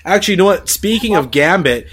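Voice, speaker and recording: A man hosting a casual chat about movies, swearing freely and giving animated opinions. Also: sits high, fast talker, breathy edge. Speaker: podcast host.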